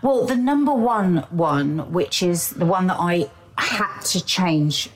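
A woman's voice: lowish voice, expressive, slow, rough recording. A middle-aged woman with a South London accent, co-hosting a podcast in frank, emphatic casual chat. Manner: frank, emphatic, talks in restarts. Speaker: podcast co-host.

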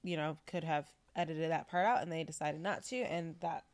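A woman's voice: low voice, fairly even intonation, normal speed, no echo. A woman co-hosting a podcast in casual chat, rambling and hesitant, with many restarts. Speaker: podcast co-host.

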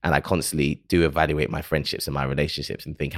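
A man's voice: extremely low pitch, level tone, fast talker, hardly any pauses, no room sound, studio quality. A man hosting a podcast, speaking alone in an earnest, reflective and openly emotional way. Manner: earnest, emotional, self-questioning. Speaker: podcast host. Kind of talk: reflective solo monologue.

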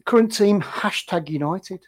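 A man running a quiz on a podcast, reading out clues in a halting way with many fillers. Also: high voice.

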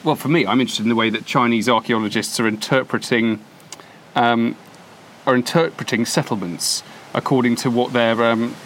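A man's voice: medium pitch, fairly even intonation, normal speed, fairly bright tone. A man co-hosting a podcast, chatting casually and musing with frequent ums, recorded outside in a windy courtyard. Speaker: podcast co-host. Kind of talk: casual chat.

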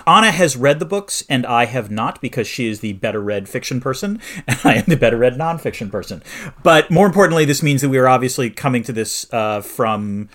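A man's voice: medium pitch, animated, a little fast, fairly bright tone. Amiable man co-hosting a podcast. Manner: amiable, chuckling, rambling asides. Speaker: podcast co-host. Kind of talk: casual podcast chat.

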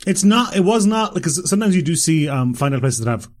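Male co-host, dry wit, talks fast. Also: a little high, expressive, darkish tone. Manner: dry, quick asides and wry comments. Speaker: podcast co-host. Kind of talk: casual chat.

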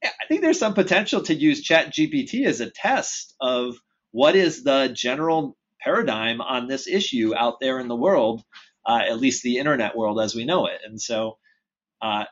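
A man's voice: mid-range voice, expressive, normal speed, dull audio. A man talking as a podcast guest, thinking aloud in a casual, loose way. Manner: thoughtful, with many fillers and restarts. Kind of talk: casual conversation.

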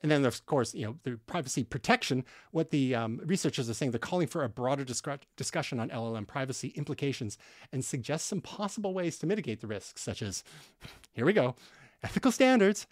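A man's voice: mid-range voice, lively intonation, fast, no room sound, studio quality. A man from Canada co-hosting a tech podcast, explaining news in a casual, conversational way with fillers and restarts. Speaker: podcast co-host.

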